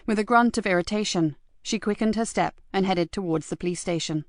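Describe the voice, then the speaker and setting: A woman reading a crime audiobook in a measured, even voice. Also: mid-range voice, dry recording, studio quality. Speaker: audiobook narrator. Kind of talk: scripted narration.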